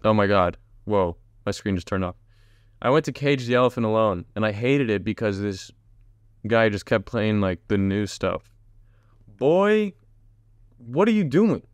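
Speaking directly to his viewers at a moderate pace, a man with a fairly low, smooth, clear voice hosts a casual solo podcast, drifting from one tangent to the next. The sound is close and dry, with no echo.

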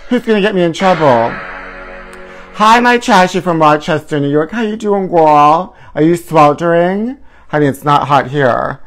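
A man's voice: a little high, animated, normal speed, fairly bright tone, soft background music. A man hosting a live gossip show, flamboyant and sing-song, calling his viewers honey. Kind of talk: campy live-stream gossip chat.

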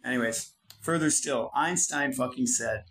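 A foul-mouthed man lecturing in a preachy, blunt monologue, cursing nearly every line. His voice sits at an ordinary middle pitch, and his delivery drifts from hurried to drawn-out as he pauses to write things down. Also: fairly bright tone, soft background music, rough recording. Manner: swears constantly, preachy and blunt. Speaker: channel host. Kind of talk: profane motivational monologue.

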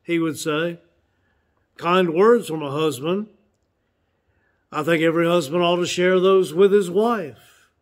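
A pastor in his sixties delivers a sermon in a notably high voice for a man. He speaks earnestly and stretches out and repeats his key phrases for weight. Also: measured pace, pauses often.

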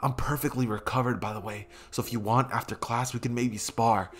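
A man voicing a calm, powerful hero mentor in whispered role-play, confiding in a hushed voice. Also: mid-range voice, a little fast, faint music behind, natural voice.

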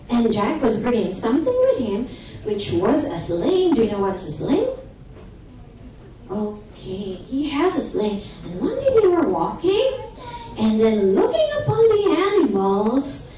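A woman tells a children's story to a church congregation in a slow, animated voice, often turning to ask the children questions. Her high, mellow voice swoops up and down. She is heard from far off in a big echoey church hall, with faint hiss behind her. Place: large church sanctuary.

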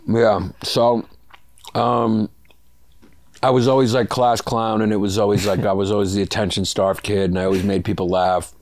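He's a Brooklyn, New York comedian guesting in a casual interview, spinning rambling, profane tales and laughing through them. His pitch is fairly low and his tone darkish, with a flat delivery at a moderate pace.

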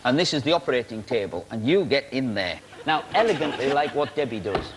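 A man's voice: mid-range voice, animated, brisk, noisy background. A man playing a magician in a comedy sketch, talking with showman patter and mock grandeur. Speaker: guest magician. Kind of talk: comic stage sketch.

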